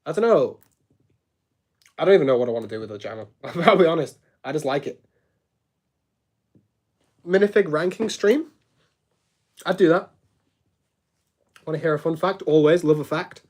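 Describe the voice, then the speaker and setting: A man's voice: fairly high pitch, lively intonation, normal speed, long pauses, a little mellow. A man chatting casually on a live stream, answering viewers, joking and laughing often and filling his sentences with "like". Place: home studio room.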